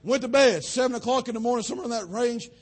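A young man from western North Carolina, preaching a sermon as a pastor, swelling to shouts and dropping low. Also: fast talker. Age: young adult.

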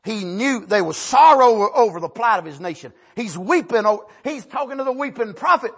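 Male preacher, high and bright, fervent sermon delivery, builds to shouts. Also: animated, slightly rough. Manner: impassioned, drawn-out emphasis, rising to shouts; calls out "Amen" between points.

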